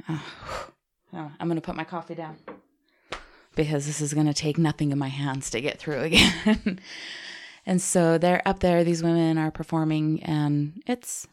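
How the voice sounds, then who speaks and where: A woman with a deep voice and an unhurried pace co-hosts a podcast and tells a story in a casual chat. She is animated and emotional, teary at moments and laughing at others.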